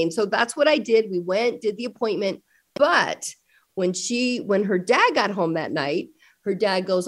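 Animated middle-aged mother telling stories. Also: a little high, normal speed. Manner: animated storyteller acting out family dialogue. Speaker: guest parent. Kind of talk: conversational interview storytelling.

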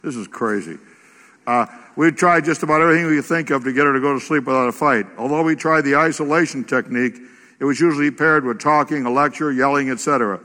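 Bright-voiced preacher in an echoey church. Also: male voice, medium pitch, fast talker. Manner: animated, exclamatory preaching. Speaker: pastor. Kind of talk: sermon.

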